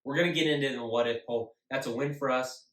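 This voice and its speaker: A man's voice: medium pitch, fast, fairly bright tone. A man hosting his own sports show, talking casually and emphatically and often repeating himself. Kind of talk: casual solo sports talk. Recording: echoey room, mic at a distance.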